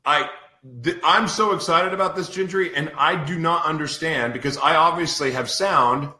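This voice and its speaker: A man's voice: fairly high pitch, normal speed, sharp tone, reverberant. A man hosting a podcast in a casual live-stream chat, exasperated and ranting over technical trouble. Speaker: podcast host.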